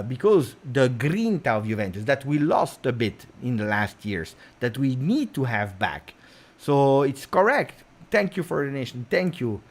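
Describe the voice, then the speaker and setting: An Italian-accented man hosting a football livestream, chatting casually and reading out viewer messages with many fillers. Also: medium pitch. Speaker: football channel host.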